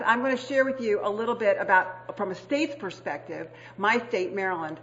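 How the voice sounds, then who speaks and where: A woman's voice: medium pitch, fairly bright tone, lo-fi sound. Chatty woman giving a conference talk. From United States. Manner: chatty, self-deprecating, with fillers and restarts. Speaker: state public health official, panel speaker. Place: conference hall.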